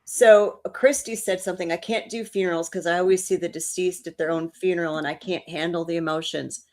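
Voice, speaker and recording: A woman's voice: lowish voice, steady tone, brisk, darkish tone. A woman co-hosting a paranormal talk show, chatting casually and telling stories with emotion and frequent restarts. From New Orleans. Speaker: co-host. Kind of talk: casual chat.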